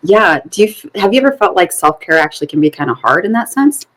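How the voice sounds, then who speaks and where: A woman's voice: lowish voice, very animated, fast, fairly bright tone. A woman in her forties co-hosting a podcast in a chatty, rambling way, laughing often. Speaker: podcast co-host. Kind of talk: casual podcast chat.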